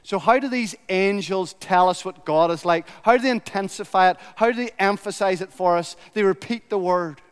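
A man's voice: sits high, smooth. Man, preacher, sermon, emphatic and repetitive, resonant voice, church echo.

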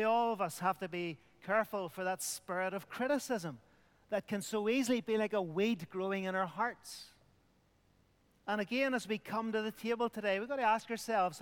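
A man's voice: sits high, long reverb tail. A middle-aged man preaching a communion sermon, earnest, dropping to a near whisper at tender points. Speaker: pastor.

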